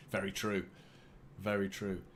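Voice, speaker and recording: A man's voice: low-pitched, slight background noise. A young man hosting a fan live stream, chatting casually with viewers, swearing freely and mocking himself. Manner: casual, swears a lot, self-mocking banter with chat. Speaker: fan channel host. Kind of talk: live-stream watchalong chat.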